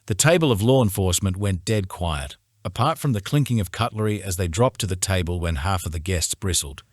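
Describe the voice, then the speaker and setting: A man narrating a romance audiobook in the first person, steady and measured. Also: deep voice, dry recording, studio quality.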